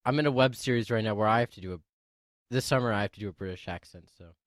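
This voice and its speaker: A man hosting a casual podcast interview, talking in halting bursts with lots of restarts and laughter. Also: fairly low pitch, dry recording, studio quality. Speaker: podcast host.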